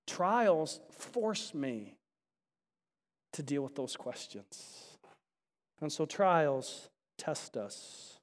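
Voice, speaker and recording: High-voiced male preacher in reverberant hall. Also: extremely slow, pauses often. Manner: animated, rising to loud emphatic bursts; chatty asides, frequent restarts. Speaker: pastor. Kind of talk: sermon. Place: large church sanctuary.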